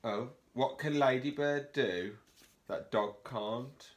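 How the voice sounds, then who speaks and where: A man speaks slowly at medium pitch in a remote lesson video filmed at home. Reading a picture book to his reception class, he adds gasps and puts questions to the children.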